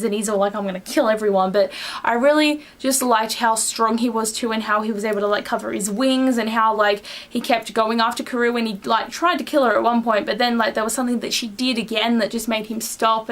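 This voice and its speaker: Gushing fast-talking young woman. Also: on the high side, steady tone, a bit bright. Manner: gushing, fast and breathless with many "like" fillers. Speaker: book reviewer. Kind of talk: casual vlog book review.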